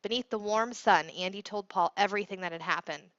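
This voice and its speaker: A woman narrating a novel aloud in a steady storytelling manner. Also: medium pitch, fairly quick, dry recording. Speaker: audiobook reader. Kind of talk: scripted narration. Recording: dull dry recording.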